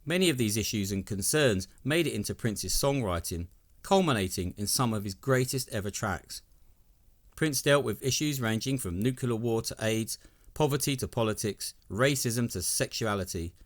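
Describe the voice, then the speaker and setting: A man reads a scripted narration for a video essay, his voice sitting a little low. He sounds enthusiastic, with a wry tone running through his commentary. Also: animated, moderate pace.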